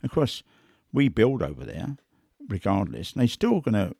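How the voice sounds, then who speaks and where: A man speaking as a big cat investigator tells stories conversationally in a lowish, creaky, husky voice at a moderate pace. He's animated, acting out quotes and sounds. The recording is dry and studio quality.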